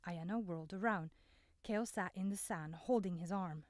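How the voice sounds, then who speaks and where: A woman narrating a novel in an even, measured way. Her voice sits on the low side for a woman. The close mic leaves it dry, with no room in it. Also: no room sound. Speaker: audiobook narrator. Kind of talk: scripted narration.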